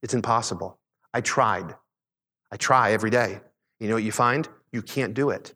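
A middle-aged man preaching a sermon, a pastor telling a personal story in a conversational, animated way. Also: in a large hall. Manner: conversational preaching, animated retelling with quick pitch swings.

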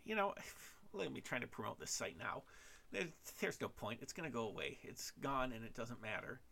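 A man hosting a solo podcast monologue, halting and self-deprecating, with frequent restarts and fillers. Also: medium pitch, big pitch swings, gravelly, sharp tone. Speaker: podcast host.

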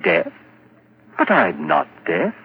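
An actor playing a nervous, guilt-ridden murderer in an old radio drama, stammering and rising to hysteria. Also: male voice, sits low, huge pitch swings, slow, full character voice. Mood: earnest. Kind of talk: 1940s radio acting. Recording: muffled old radio broadcast, hiss.

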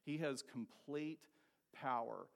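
A man preaching an expository sermon, asking rhetorical questions and slowing down to stress key words. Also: medium pitch, vocal fry.

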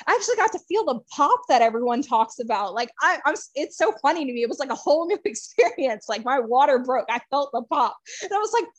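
A woman's voice: high-pitched, quick pace, hardly any pauses, no room sound. Chatty woman telling a personal story. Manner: chatty, many "like" fillers, laughs often; emotional, swings between excited and hushed. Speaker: podcast guest.

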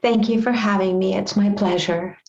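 A woman's voice: medium pitch, fairly even intonation, moderate pace, darkish tone, lo-fi sound. A woman speaking as a parenting guest expert on a podcast, earnest and repeating her key points for emphasis. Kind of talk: podcast interview.

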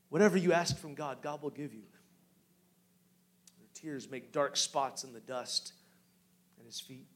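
A man preaching a sermon who moves from hushed storytelling to loud, rising exhortation and asks the congregation direct questions. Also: mid-range voice. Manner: guides listeners with direct questions. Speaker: pastor.

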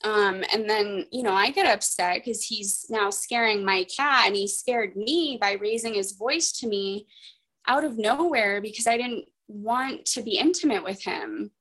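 A woman's voice: mid-range voice, unhurried, fairly bright tone, rough recording. A woman candidly telling a personal story as a guest, rambling, with many fillers and restarts.

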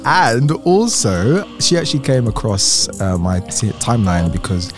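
A man co-hosting a podcast, easygoing and quick to laugh while chatting about music. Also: medium pitch. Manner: easygoing, laughs often, lively intonation. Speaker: podcast co-host. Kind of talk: casual music chat.

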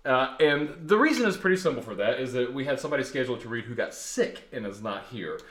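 Man from the Deep South hosting, animated pitch, self-mocking, echoey room. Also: quick pace. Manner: laughing, rambling, self-mocking. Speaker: podcast host. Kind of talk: casual chat and play introduction. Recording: roomy echo.

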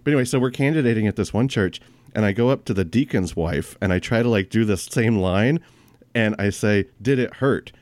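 Male podcast host, low register, laughs through his own stories, dry close mic. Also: brisk, darkish tone, no echo. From raised in a preacher's family. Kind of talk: casual comedic chat and storytelling.

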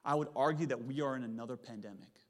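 A man, preaching a sermon in a church, telling stories with animated swings from loud to hushed. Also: mid-range voice, fast talker. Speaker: pastor. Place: church sanctuary. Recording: long hall reverb.

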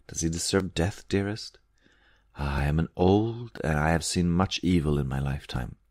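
A man voicing a stately, gentle old woman who pleads for mercy in a soft, melodious, quiet voice. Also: extremely low pitch, normal speed, no room sound, studio quality. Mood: gentle pleading. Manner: quiet and tender.

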